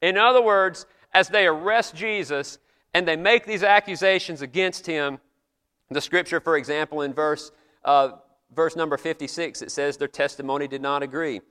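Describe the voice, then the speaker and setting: A man delivers a sermon with a bright, crisp, clear voice that sits a little high for a man. He retells scripture in an earnest, conversational way. His words ring out with the long reverb of a chapel hall. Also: normal speed. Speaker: chaplain preaching in chapel.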